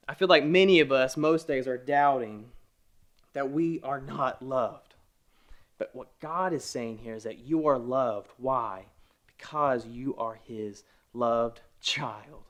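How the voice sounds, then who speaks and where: A man in his thirties preaching a conversational sermon, with joking asides, who swings between hushed and emphatic. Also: fairly high pitch. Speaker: pastor. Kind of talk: online sermon.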